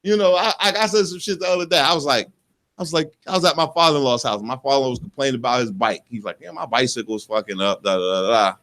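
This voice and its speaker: A man's voice: medium pitch, fast. A man from Ohio co-hosting a radio talk show, telling stories with swearing and acted-out quotes in a casual chat. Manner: animated storyteller, acts out quotes, swears freely.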